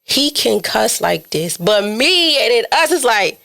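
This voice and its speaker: A young woman in her twenties hosts a casual podcast chat in a fairly high, bright, forceful voice. She talks in an animated, chatty way and acts out her own inner voice as she goes. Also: measured pace, vocal fry. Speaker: podcast host.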